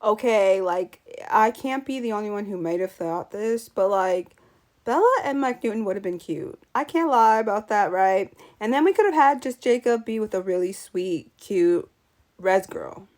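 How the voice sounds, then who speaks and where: A woman hosting a casual opinion vlog, talking in an animated, sassy way and mocking characters in put-on voices. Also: medium pitch, moderate pace. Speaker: channel host.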